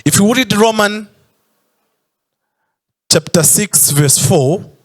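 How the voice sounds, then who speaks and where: A man's voice: sits high, slow. A man preaching a sermon in church, stretching out emphatic phrases and sometimes breaking into a sung tone. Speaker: pastor.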